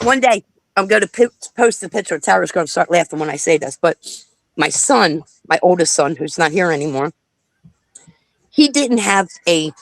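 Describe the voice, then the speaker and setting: A woman's voice: lowish voice, no echo. Woman, middle-aged, from the northern US, crude and chatty livestream host, dry sound. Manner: profane, storytelling, mimics others. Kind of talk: casual livestream chat.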